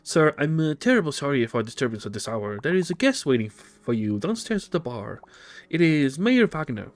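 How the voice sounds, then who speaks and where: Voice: mid-range voice, very animated, brisk, voice pushed up. A man voicing a formal, apologetic hotel staff member in a video game. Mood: deferential. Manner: formal, deferential.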